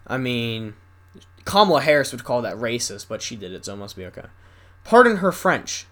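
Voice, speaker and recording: A young podcast host with a medium-pitched, expressive, fairly bright voice rambles casually on his solo show, reading news stories aloud haltingly and adding asides.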